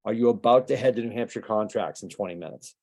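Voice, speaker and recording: A male business coach gives a motivational training talk in a relaxed, mellow voice. He talks casually and keeps firing rhetorical questions at his listeners. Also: lowish voice. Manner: conversational, rapid-fire rhetorical questions.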